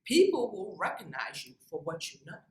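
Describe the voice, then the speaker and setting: A woman with a fairly low-pitched voice speaks at a moderate pace, giving young researchers a motivational lecture. She's a scientist, and her delivery is direct, emphatic, and lively with asides, heard through a distant mic in an echoey room.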